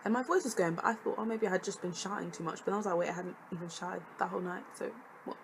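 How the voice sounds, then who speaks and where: A woman's voice: fairly low pitch, fairly even intonation, very fast, creaky, background noise. A young woman, a student vlogger chatting casually to camera, sassy and jokey with lots of laughing asides. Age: young adult.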